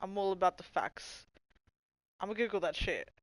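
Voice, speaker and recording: A woman's voice: mid-range voice, animated, moderate pace, no room sound. A woman livestreaming, thinking aloud while searching, laughing a lot and swearing freely. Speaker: livestreamer reading chat. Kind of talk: casual livestream chat.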